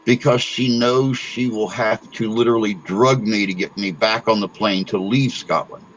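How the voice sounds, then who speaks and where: Low-voiced man telling rambling stories. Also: fairly even intonation, moderate pace, dull audio, slight background noise. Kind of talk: casual chat.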